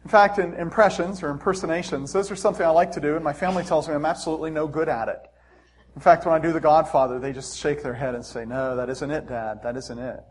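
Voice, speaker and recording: A man's voice: on the high side, fast, husky. A man preaching a sermon as pastor, talking in a joking, conversational way.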